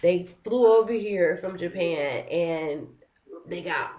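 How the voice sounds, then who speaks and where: A young woman venting on a casual vlog, talking in an animated, frustrated way and filling her sentences with "like". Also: fairly low pitch, takes it slowly, lo-fi sound, a little hiss or hum. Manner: frustrated, animated, heavy use of "like". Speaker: vlogger. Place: living in Korea.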